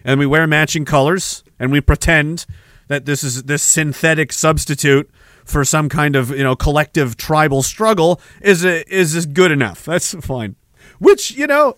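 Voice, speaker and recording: Male podcast host from Canada, taunting profane rant, slightly high voice, dead-dry sound. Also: a bit bright, no room sound. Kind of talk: ranting political commentary.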